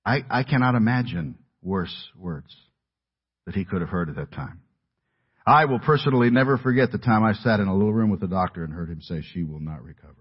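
A middle-aged man preaching a sermon in an earnest, emphatic way, dropping his voice low at key words. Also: lively intonation, brisk, breathy edge. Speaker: pastor. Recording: dull lo-fi audio.

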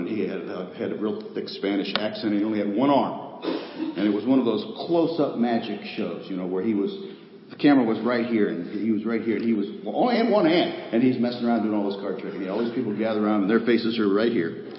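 Emphatic low-voiced preacher in an echoey hall. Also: male voice. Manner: emphatic preaching, swinging between loud declarations and quiet pleas. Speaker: pastor. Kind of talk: sermon. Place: church sanctuary with a congregation. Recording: echoey hall, dull lo-fi sound with faint noise.

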